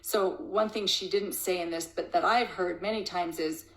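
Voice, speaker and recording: A woman presents a parenting advice program, reading a letter from a listener and responding like an emphatic coach who frequently begins with "so." Her voice is lowish and a touch bright, moving at a moderate pace with few pauses, recorded in an echoey space.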